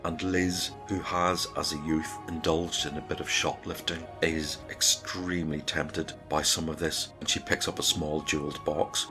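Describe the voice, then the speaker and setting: A man narrates his solo tabletop game in a relaxed, chatty way. His voice is very low, and soft music plays faintly behind him. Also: moderate pace, hardly any pauses. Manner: relaxed, conversational storytelling.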